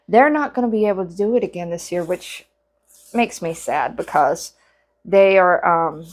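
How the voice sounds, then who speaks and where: A woman's voice: mid-range voice, gravelly. A woman chatting casually to camera while crocheting, rambling with lots of fillers and restarts. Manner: chatty and rambling, with many fillers and self-corrections. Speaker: vlogger.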